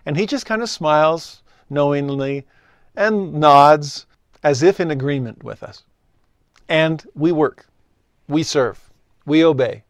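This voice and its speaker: A man's voice: fairly high pitch, lively intonation, normal speed, no echo. Earnest man teaching scripture. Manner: earnest, explanatory, acts out dialogue with God. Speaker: religious teacher. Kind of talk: scripture lesson.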